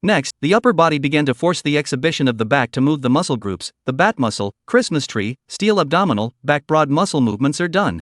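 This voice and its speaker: A man narrates a comic story recap, reading the script in an even way. His voice sits a little high, and the sound is dry and close with no room around it. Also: fast talker, hardly any pauses, no echo.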